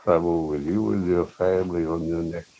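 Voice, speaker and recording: Caller: older male, very deep and slow, dull phone audio. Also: steady tone, mellow. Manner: slow, unhurried, blessing-like.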